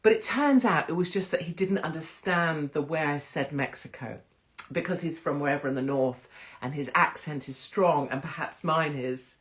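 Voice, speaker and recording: A woman's voice: low-pitched, normal speed. A middle-aged English woman chats straight into her phone as host of a casual livestream. She is blunt and talkative and swears freely as she tells a story. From England. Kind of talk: casual chat, livestream monologue.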